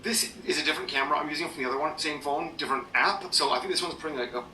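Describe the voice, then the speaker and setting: A man's voice: fairly high pitch, very fast, bright, forceful tone, slight background noise. Rambling man in an echoey room. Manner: rambling, self-deprecating, many fillers. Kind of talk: casual rambling vlog rant. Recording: echoey room, mic at a distance.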